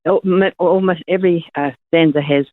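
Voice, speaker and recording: A woman's voice: deep voice, steady tone, normal speed. A woman calls in to a radio show and reads her own poem aloud, chatty, with small laughs. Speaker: caller. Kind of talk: reading her own poem on a phone call. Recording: tinny phone line.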